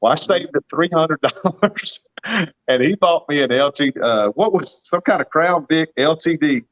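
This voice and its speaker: A man's voice: fairly high pitch, normal speed, highs cut off. A man in his fifties with a Southern US accent, a guest farmer telling folksy stories with a laugh in a casual livestream chat over a video call. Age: 50s. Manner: folksy storytelling, laughs often.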